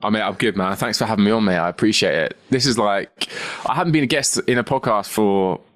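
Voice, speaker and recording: A man's voice: on the low side, fast talker, fairly bright tone. A man chatting casually as a podcast guest over a video call, calling everyone "mate". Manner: matey, peppers speech with "mate".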